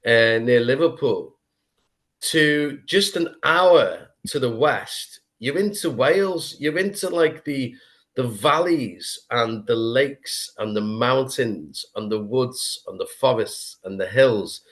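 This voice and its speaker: A man's voice: mid-range voice, animated, takes it slowly, fairly bright tone. A man with a Scouse accent hosting a casual podcast chat, talking with eager enthusiasm. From England. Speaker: podcast host.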